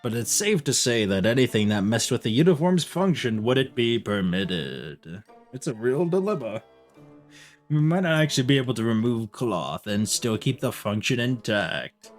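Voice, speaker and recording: A whiny young woman griping about her stuffy work uniform, as a man reads her lines aloud. The voice is slightly nasal, pitched in an ordinary middle range, and reads the lines plainly rather than fully acting them. A faint bit of music sits underneath. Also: very animated, normal speed, close to an everyday voice. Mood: thoughtful.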